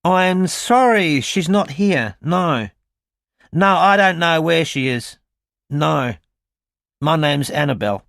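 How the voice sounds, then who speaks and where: A man voicing a young woman putting on a stilted fake Australian accent on the phone, higher and slower than his narration. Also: expressive, gravelly, a bit bright, no room sound, studio quality, heavily acted. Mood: evasive.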